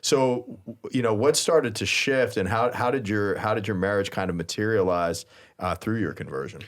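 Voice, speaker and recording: Low-voiced male podcast co-host. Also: normal speed. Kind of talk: interview questions.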